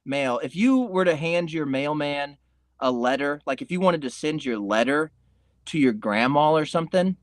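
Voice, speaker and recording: A man's voice: on the high side, expressive, normal speed, no echo, studio quality. A man hosting a podcast in a rambling, laid-back comedic monologue, swearing casually. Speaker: podcast host.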